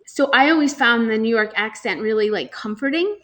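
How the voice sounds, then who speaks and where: A woman's voice: a little high, fairly quick, fairly bright tone. A young woman from New Jersey co-hosting a casual talk show, chatty with lots of fillers and frequent laughs. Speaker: podcast co-host. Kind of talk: casual chat.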